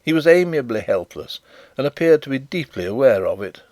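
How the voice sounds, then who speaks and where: A man narrating a classic mystery audiobook in an even storytelling manner. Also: mid-range voice, a little fast, no echo.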